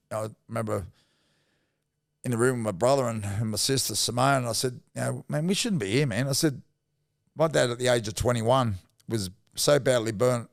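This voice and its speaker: A man's voice: mid-range voice, creaky, no echo, studio quality. A middle-aged Australian man, once a rugby league player, telling emotional stories in a rambling, heartfelt way as a podcast guest. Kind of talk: emotional storytelling in casual chat.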